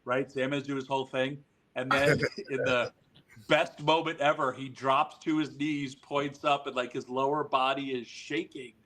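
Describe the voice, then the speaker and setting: A man at an average pitch tells stories on a podcast. He is animated and profane, with lots of fillers and quick asides. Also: low-quality recording. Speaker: guest. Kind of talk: podcast storytelling.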